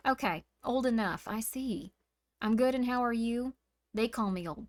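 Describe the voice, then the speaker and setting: Playful streamer girl talking to chat, a bit high voice, dry close mic. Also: normal speed, no echo. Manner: playful, chatting to viewers, teasing. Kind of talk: casual live-stream chat.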